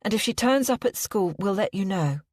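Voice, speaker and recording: Woman reading as a careful, polite school woman on the phone, higher voice, a bit breathy. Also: expressive, brisk, a little mellow, no room sound, clean studio sound, close to an everyday voice. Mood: guarded.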